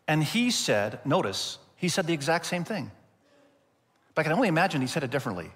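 A male pastor preaching a sermon, expressive and slowing down to stress key points. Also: fairly high pitch, big-room sound. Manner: expressive, slows down for emphasis.

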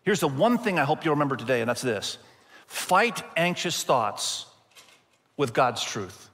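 A male pastor preaching a sermon, expressive and slowing down to stress key points. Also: fairly high pitch, big-room sound. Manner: expressive, slows down for emphasis.

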